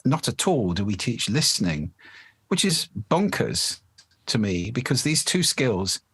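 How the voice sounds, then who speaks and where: Man, husky low voice, dry close sound, articulate and explanatory. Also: lively intonation, moderate pace, a bit bright, no room sound. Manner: articulate, explanatory, demonstrates voice effects. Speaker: guest, voice and speaking expert. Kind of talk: podcast interview.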